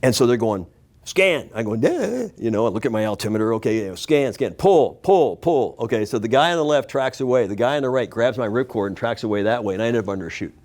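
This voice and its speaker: Man in his sixties, talk show guest, animated storyteller, acts out voices. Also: on the low side, rapid-fire, few pauses.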